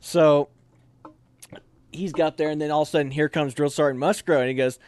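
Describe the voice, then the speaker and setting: A man's voice: on the high side, brisk, clear, resonant tone. A man in a casual interview, telling a story with many fillers and acting out the voices of the people in it. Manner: animated, acts out quoted voices, many fillers. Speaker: officer candidate being interviewed.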